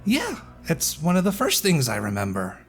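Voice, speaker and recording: A man's voice: on the high side, huge pitch swings, moderate pace, a bit bright, faint music behind, voice pushed up. A man voicing a loyal, eager dog who can talk. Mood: hesitant.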